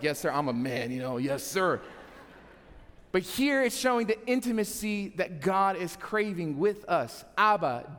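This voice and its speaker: A man's voice: high-pitched, a bit bright. A young adult man preaching a sermon as pastor, telling funny stories and talking straight to the congregation. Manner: humorous storytelling, talks to the congregation. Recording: long hall reverb.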